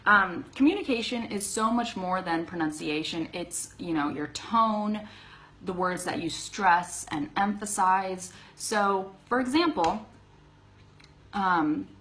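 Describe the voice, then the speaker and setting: A woman's voice: mid-range voice, slow pace, a bit bright, low-quality recording. A woman with a Californian accent giving a live online English lesson, chatty, laughing often and checking in with "okay?". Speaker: English teacher.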